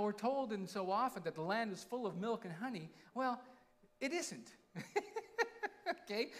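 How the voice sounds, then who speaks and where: A man delivering a casual, chatty sermon. His voice is high and very lively in pitch. He keeps checking in with the congregation as he goes. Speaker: pastor. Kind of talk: conversational sermon.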